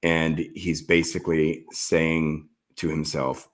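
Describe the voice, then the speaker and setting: Earnest deep-voiced male author. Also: moderate pace. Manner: earnest, heartfelt and reflective. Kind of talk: interview guest talking about his novel.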